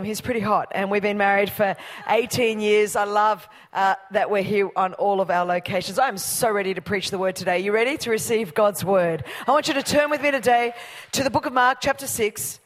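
A woman's voice: medium pitch, a bit bright. An Australian woman in her forties, a guest preacher who jokes and banters with the congregation in an exuberant way. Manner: exuberant and joking, banters with the crowd. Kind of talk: preaching a sermon. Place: large church auditorium. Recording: long reverb of a big hall.

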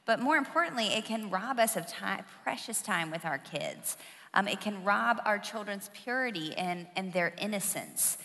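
Animated woman preaching in a large hall. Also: medium pitch, moderate pace, vocal fry. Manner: animated storytelling with humor. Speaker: pastor. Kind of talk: sermon. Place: church auditorium.

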